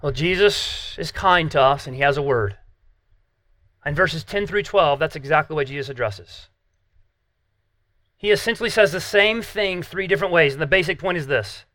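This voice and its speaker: A man delivers an earnest sermon, pressing his points with emphasis and rhetorical questions. His voice sits high and bright. The sound is dry and close. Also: dry recording. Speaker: pastor.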